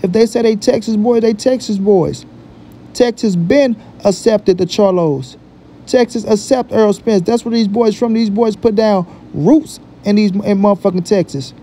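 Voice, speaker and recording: A man hosting a boxing vlog talks in a high but dark, mellow voice. He repeats his points emphatically and drops profane street slang. Faint noise sits behind him. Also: moderate pace. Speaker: boxing commentary vlogger. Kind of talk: casual opinion talk.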